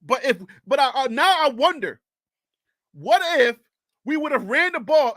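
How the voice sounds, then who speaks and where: A man with a Liberian English accent argues on a live stream in a high, sharp voice. He is animated and exasperated and keeps repeating his questions. The sound is dry and close. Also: moderate pace, no room sound. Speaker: sports talk live-streamer. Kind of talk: live stream, answering chat comments.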